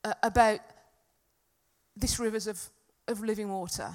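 A woman's voice: mid-range voice, fairly even intonation, a little slow, darkish tone. A middle-aged woman giving a talk at a church gathering, telling a personal story in a chatty, self-deprecating way. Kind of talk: sermon with personal anecdote.

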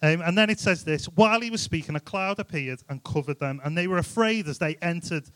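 Youth speaker: man, slightly high voice, dry close sound, casual joking delivery. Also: a little fast, fairly bright tone, dry recording. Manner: chatty, jokey, rhetorical questions. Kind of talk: informal youth sermon.

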